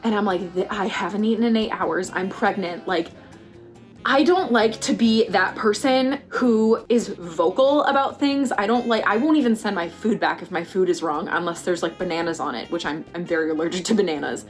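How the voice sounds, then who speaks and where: A pregnant young woman vlogging, telling a story casually and acting out quotes with big jumps in pitch. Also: normal speed, faint music behind.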